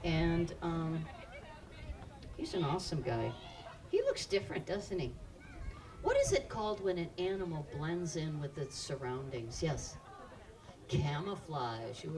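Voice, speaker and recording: A woman's voice: low-pitched, distant mic. A woman presenting live animals to children at an outdoor park show, quizzing the audience in an upbeat way.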